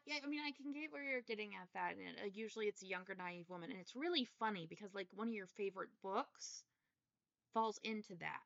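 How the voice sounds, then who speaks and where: A woman co-hosts a casual book podcast, steering the talk with eager enthusiasm. Her voice has a gravelly fry to it. The recording is dry and dull, with a lo-fi sound. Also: medium pitch, animated, fast talker, fairly bright tone, dry recording. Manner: enthusiastic, leads the discussion. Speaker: podcast co-host.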